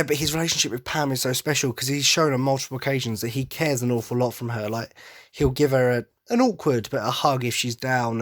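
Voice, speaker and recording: A man's voice: medium pitch, a bit bright. Rambling, enthusiastic male podcast host. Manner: rambling, self-correcting, enthusiastic. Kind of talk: casual podcast monologue.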